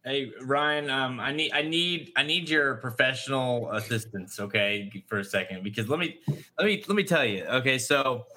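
A man co-hosting a racing podcast from a press room, chatting casually in an animated, exasperated rambling way. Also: mid-range voice, moderate pace. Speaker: podcast co-host. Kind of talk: casual chat.

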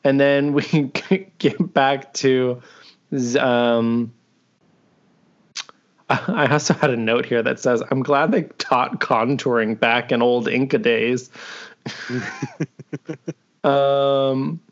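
A man's voice: medium pitch, fairly even intonation, slow pace, long pauses. A man co-hosting a podcast over a video call, recapping an episode in casual, profane, joking chat and acting out the characters' lines. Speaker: podcast co-host. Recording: dull lo-fi audio.

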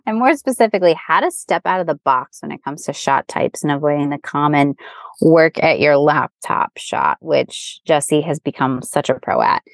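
A woman's voice: low voice, normal speed, vocal fry, no room sound. A woman with a light Boston accent hosting a podcast in a chatty way, laughing and restarting her words as she goes. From Boston area, USA. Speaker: podcast host. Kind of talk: casual podcast chat.

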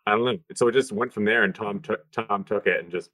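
A man with a very low voice, chatting casually and rambling with frequent ums and swearing. The sound is close and dry. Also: fast, fairly bright tone, dry recording. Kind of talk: casual chat.

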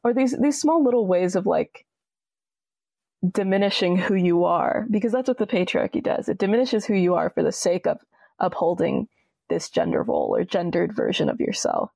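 A young woman speaks as a podcast guest, her voice carrying a gravelly, fry-heavy texture. She talks casually but with real passion, leaning into emphatic, expressive phrasing. The sound is close and dry, with no room around it. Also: on the low side, moderate pace, dry recording. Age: young adult. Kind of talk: casual conversation.

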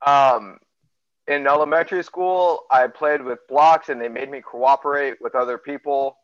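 A man's voice: mid-range voice, moderate pace, no room sound, dull audio. A young man talking casually on a podcast, hesitant and swearing often. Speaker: podcast co-host. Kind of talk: casual chat.

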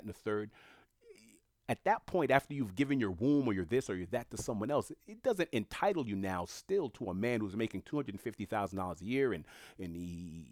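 A man's voice: on the low side, darkish tone, no echo, studio quality. A man giving a blunt, emphatic monologue, often repeating words for stress. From Haitian family. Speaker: commentator. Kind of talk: casual monologue commentary.

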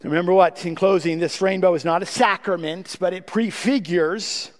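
A man's voice: high voice, moderate pace. A man preaching a sermon as pastor, emphatic, often asking the congregation a rhetorical "what?". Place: church sanctuary. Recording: long reverb from a large church hall.

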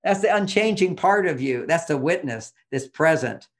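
A man's voice: on the high side, animated, moderate pace. A man explaining relationship advice in an interview, emphatic and teacherly, pushing his voice up on key points.

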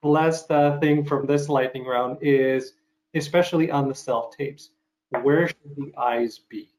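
A man's voice: medium pitch, steady tone, unhurried, a little mellow. A man interviewing a guest, who talks about his own auditions in a loose, rambling way, thinking aloud. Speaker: interviewer and actor. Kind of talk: casual interview talk.

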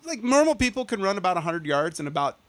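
A man in casual chat, retelling a film with animated, profane mockery and laughter. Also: sits high, quick pace.

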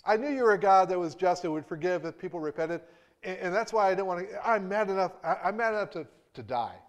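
A man's voice: high voice, animated, quick pace, pitched above the performer's own voice. A man acting out the voice of an angry male prophet, with a raised, heated and indignant delivery. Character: angry adult male prophet venting at God.

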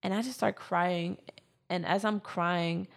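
A woman's voice: lowish voice, fairly even intonation, unhurried, creaky. A woman in her twenties telling a personal story in casual chat, with lots of fillers.

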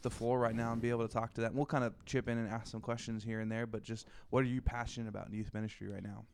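Easygoing American podcast host. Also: male voice, mid-range voice, flat delivery, rapid-fire, gravelly, slight background noise. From United States. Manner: easygoing, laughs along. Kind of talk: podcast conversation.

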